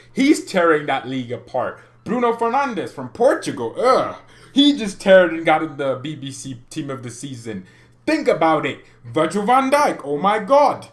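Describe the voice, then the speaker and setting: A man's voice: a little high, a bit bright. A man hosting a football fan channel, ranting in an exasperated, sarcastic and mocking way. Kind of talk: ranting commentary to camera.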